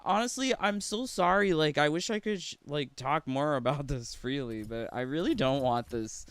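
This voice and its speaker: A man's voice: a little high, normal speed, a bit bright, clear, resonant tone, dry recording. A man streaming a game and chatting casually with viewers, rambling and laughing often between remarks. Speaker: gaming streamer. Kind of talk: casual chat with live viewers.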